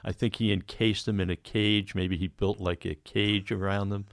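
Deep, gravelly man reminiscing. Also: little pitch movement, normal speed. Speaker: guest, musician. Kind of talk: casual chat.

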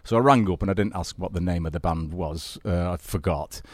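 A man, a musician guest, telling stories in a rambling, halting way with many restarts. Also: deep voice, no room sound, studio quality. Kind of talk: casual storytelling interview.

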